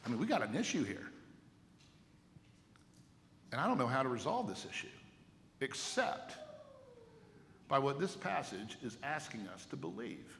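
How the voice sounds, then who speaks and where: A man's voice: medium pitch, big pitch swings, measured pace, pauses often, a bit bright, a little hiss or hum. A male pastor preaching a sermon emphatically, with rhetorical questions and repeated words. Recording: echoey hall with long reverb.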